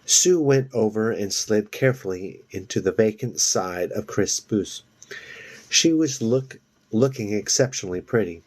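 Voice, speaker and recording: Male reader, low and slow, casual halting read-aloud. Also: animated. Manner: halting, restarts on words. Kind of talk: reading a novel aloud.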